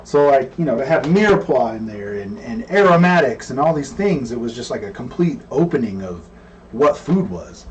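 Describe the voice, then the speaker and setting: A man and cook, co-hosting and telling a story in a relaxed, rambling way with plenty of fillers. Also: mid-range voice, moderate pace, a little hiss or hum. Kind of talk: casual storytelling. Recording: distant mic with faint room ambience.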